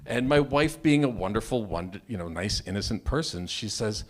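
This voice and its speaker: A married man telling a true personal story at a live open mic, animated and self-mocking, often restarting his sentences. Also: fairly low pitch, moderate pace, hardly any pauses. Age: adult, married. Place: storytelling venue, live event.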